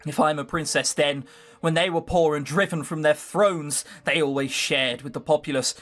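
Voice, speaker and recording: A man's voice: on the high side, steady tone, normal speed, a bit bright. Sardonic man reading a visual novel aloud. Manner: sardonic, swearing asides. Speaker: let's play host reading a visual novel.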